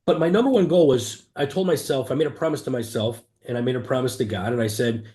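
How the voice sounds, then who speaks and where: Man, middle pitch, earnest first-person storytelling, roomy echo on the recording. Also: fast, mellow. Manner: earnest, emphatic, vivid retelling with frequent restarts. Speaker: entrepreneur guest. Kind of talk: candid personal storytelling in an interview.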